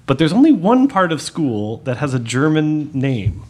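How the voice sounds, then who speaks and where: A man's voice: a little high, sing-song, moderate pace, darkish tone. A man co-hosting a podcast in casual chat, playful and musing, laughing often. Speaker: podcast co-host.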